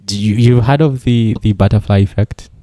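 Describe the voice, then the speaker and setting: A man co-hosting a podcast who makes teasing, deadpan quips and also reads the sponsor spot. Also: on the low side, normal speed, dry recording. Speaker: podcast co-host. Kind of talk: casual chat.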